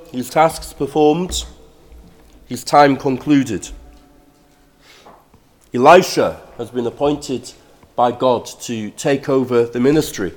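In a medium-pitched voice, an older man preaches a sermon, first reading scripture aloud, then explaining it with measured delivery that turns emphatic.

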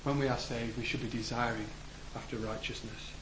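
A man preaching a sermon in a church, earnest, rising to emphatic declarations and letting phrase ends fall low. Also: fairly even intonation, a little fast, fairly bright tone. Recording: echoey room with faint background noise.

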